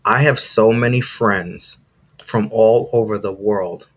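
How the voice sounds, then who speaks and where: A man's voice: on the low side, slow. A man hosting a live podcast, delivering an emphatic, preachy motivational monologue. He repeats phrases for effect and speaks straight to his listeners. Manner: excited, talks to listeners directly. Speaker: podcast host.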